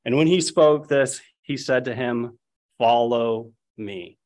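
A man's voice: medium pitch, steady tone, measured pace. A man preaching a sermon, telling the story and acting out the lines he quotes. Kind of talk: expository sermon.

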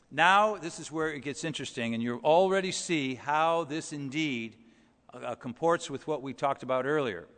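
A man's voice: on the high side, fairly bright tone, in a large hall. A man preaching a sermon, explaining scripture verse by verse in a conversational way with rhetorical questions.

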